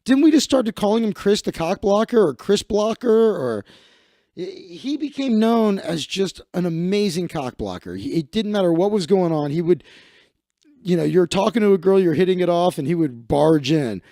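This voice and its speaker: A high-pitched man from Chicago rants casually on his livestream, his voice leaping around with a gravelly rasp. He swears freely and acts out other people. The sound is dry and close. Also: animated, normal speed, dark tone, dry recording. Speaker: livestream host. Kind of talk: casual comedic rant.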